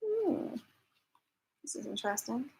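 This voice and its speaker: A woman's voice: fairly high pitch, sing-song, a little slow, gravelly, warm tone, poor audio. A woman hosting a live psychic chat, talking casually with viewers, laughing often and reading out their comments. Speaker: psychic livestream host. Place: temporary lodging, staying away from home.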